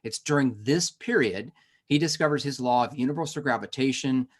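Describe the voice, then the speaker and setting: A man's voice: mid-range voice, brisk. A man teaching a history lesson in a conversational way, with asides and self-corrections. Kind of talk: lesson on a recorded webinar.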